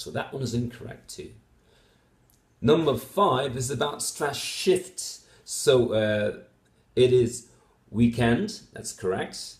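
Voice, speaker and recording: A man with Dutch as his first language, explaining test answers as a phonetics teacher, methodical, with many fillers and repeated example words. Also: lowish voice. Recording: echoey room.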